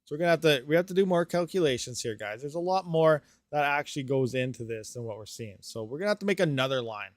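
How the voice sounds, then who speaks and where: A man hosting a live stream, thinking aloud through calculations with excitable bursts and laughs. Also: a little high, fast, few pauses, no echo. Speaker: crypto mining streamer.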